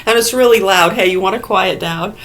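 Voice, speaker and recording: A woman with a mid-range voice talks a little fast over background noise, arguing with people who aren't present. The rant is casual, blunt, and profane, packed with rhetorical questions.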